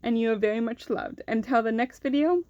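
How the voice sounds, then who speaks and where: A woman's voice: fairly high pitch, a little fast, mellow, no echo, dull audio. A young woman vlogger telling a personal story in a candid, casual way, swearing freely and saying "like" often.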